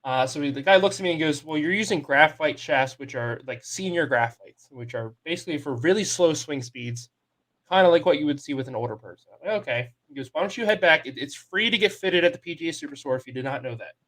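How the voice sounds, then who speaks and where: A man's voice: a little high, quick pace. Young guy cohosting a sports pod, rambling story, acts out what people said. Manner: animated storyteller, quotes people in his story. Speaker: podcast co-host. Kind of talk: casual sports podcast storytelling.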